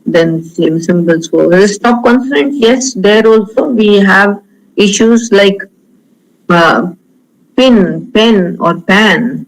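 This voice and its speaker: Man, Indian English accent, lecturer tone, high voice, measured with many uh's. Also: low-quality recording. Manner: measured, slows to model words, frequent fillers. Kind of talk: online lecture on pronunciation.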